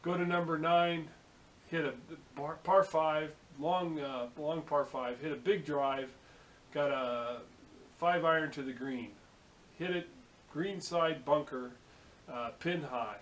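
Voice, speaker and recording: A man's voice: a little high, takes it slowly, a bit bright, a little hiss or hum, low-quality recording. Chatty man rambling from his car. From San Francisco Bay Area, USA. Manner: chatty, swearing, storytelling with quoted dialogue. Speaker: vlogger. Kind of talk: casual rambling monologue.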